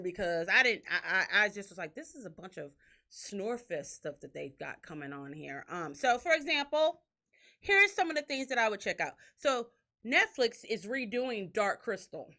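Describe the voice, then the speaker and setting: A woman hosting a podcast, telling stories in a casual, profane way and acting out what others said. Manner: animated, profane, acts out quotes in a shrill crying voice. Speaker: podcast host. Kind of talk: casual storytelling chat.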